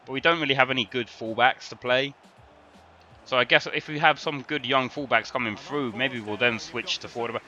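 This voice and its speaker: Young guy yelling and swearing at a football game, bright lively voice, kinda dull lo-fi mic. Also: mid-range voice, brisk, faint music behind. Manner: excitable, swears a lot, frustrated outbursts. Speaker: streamer. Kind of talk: gaming livestream commentary.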